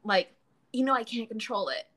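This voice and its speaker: A woman's voice: a little high, normal speed, bright, forceful tone. A woman in casual podcast chat, hesitant and full of fillers. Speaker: podcast co-guest.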